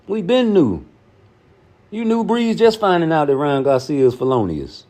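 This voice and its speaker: A man's voice: animated, normal speed, darkish tone. A male host rambling in casual commentary, loose and profane. He leans hard on his points, and his voice climbs sharply when he gets heated. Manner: profane, emphatic, jumps high when heated. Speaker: show host.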